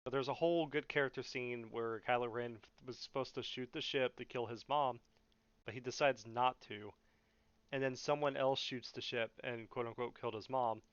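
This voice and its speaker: A man's voice: medium pitch, a bit bright, clean tone, dry recording, highs cut off. A young man hosting a podcast, ranting in a casual, profane, mocking way and often laughing. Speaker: podcast host.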